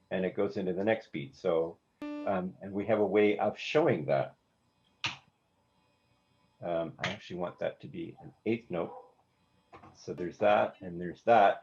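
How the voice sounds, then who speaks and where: A songwriting instructor with a somewhat low voice teaches a class on note values, hesitating, restarting words, and singing rhythms out on "da." The classroom lesson with live demonstration is captured in a slightly dull, lo-fi recording with a little hiss or hum and faint instrument playback behind him.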